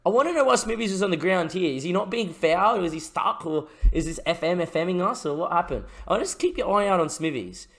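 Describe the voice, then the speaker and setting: A young man giving let's-play commentary over a football management game, dropping to low mutters and rising to excited shouts. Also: fairly quick, hardly any pauses. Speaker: gaming YouTuber and streamer.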